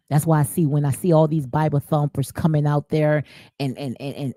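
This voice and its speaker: A woman's voice: deep voice, dark tone, no echo. A woman giving impassioned spiritual commentary, preachy and emphatic, repeating phrases for emphasis. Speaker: commentary host.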